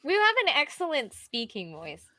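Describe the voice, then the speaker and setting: A woman guest medium with a bright, forceful voice set a bit high. She answers viewer questions in easy, casual chat and jokes about herself. The recording is dry and close. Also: wildly swooping pitch, moderate pace, no room sound. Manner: frequent short agreement, self-deprecating laugh.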